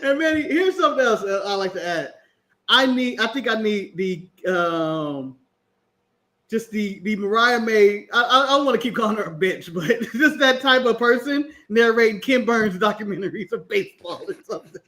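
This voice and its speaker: High, bright-voiced American man chatting wrestling. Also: animated, normal speed. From United States. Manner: laughs often, restarts with stammered repeats. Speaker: podcast co-host. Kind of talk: casual wrestling chat.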